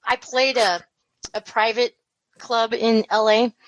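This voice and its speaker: A woman's voice: fairly high pitch, flat delivery, slow pace, no echo, low-quality recording. A woman in her fifties from the US Pacific Northwest, a podcast guest telling stories in a blunt, outspoken way and swearing freely. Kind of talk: casual storytelling chat.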